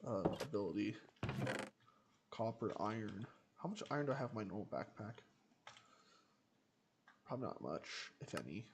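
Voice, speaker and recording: A man's voice: on the low side, lively intonation, moderate pace, creaky, pauses often. A man streaming a game, rambling to himself as he plays and trailing off mid-word. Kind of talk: casual gameplay commentary. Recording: noisy game stream audio.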